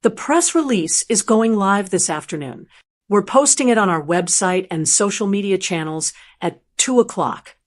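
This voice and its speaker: A woman voicing a calm, kindly male museum doctor who speaks reassuringly in a story reading. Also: medium pitch, normal speed, close to an everyday voice.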